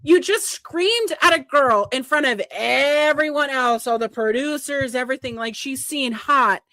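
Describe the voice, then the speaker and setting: A woman co-hosting a casual podcast, retelling events with animated flair and acting out quoted lines. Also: sits high, normal speed, no room sound. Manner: animated storytelling, acts out quoted lines, swears when worked up. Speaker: podcast co-host.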